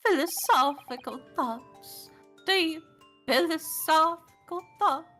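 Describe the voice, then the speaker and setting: A woman's voice: very high-pitched, slow, pushed and bright, soft background music, heavily acted. A woman doing a cagey, needling old man. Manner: evasive, needling. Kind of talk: reading game dialogue aloud.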